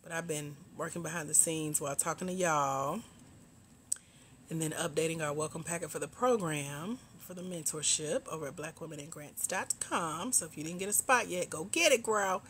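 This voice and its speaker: A woman's voice: low voice, normal speed, fairly bright tone, a little hiss or hum. A middle-aged woman from Georgia, hosting a casual livestream chat with viewers. She laughs often and calls her viewers "girl" and "y'all.". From Georgia, US South. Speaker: host.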